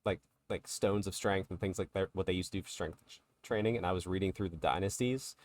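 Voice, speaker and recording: Low-voiced man in a dry close-miked chat. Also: fast, no room sound. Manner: relaxed, chatty, laughs along. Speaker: podcast co-host. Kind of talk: casual chat.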